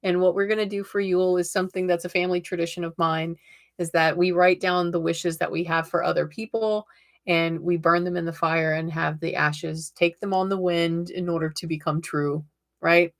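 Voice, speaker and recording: A woman in her forties chats through a live tarot reading for her viewers. Her voice sits a little low, and she laughs easily between remarks. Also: fairly even intonation, normal speed. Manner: chatty, laughs often, addresses viewers warmly as lovelies. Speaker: host. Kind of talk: casual live-stream chat.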